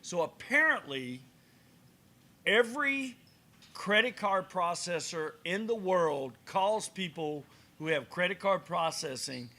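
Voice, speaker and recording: Animated bright-voiced man telling stories. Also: fairly high pitch. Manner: animated storyteller who acts out conversations. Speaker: podcast co-host. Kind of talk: casual banter and storytelling. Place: cigar lounge.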